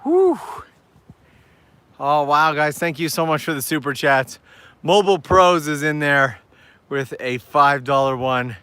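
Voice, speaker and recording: A man's voice: fairly high pitch, fairly even intonation, measured pace, sharp tone, smooth, dry recording. A man hosting a casual walking live stream outdoors, upbeat and chatty as he talks to viewers while climbing hillside steps.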